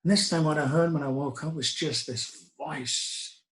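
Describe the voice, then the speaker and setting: A man's voice: on the high side, fairly even intonation, moderate pace, fairly bright tone, poor audio. Wry man telling a story. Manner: reflective, wry, with hesitant restarts. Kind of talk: first-person spoken storytelling.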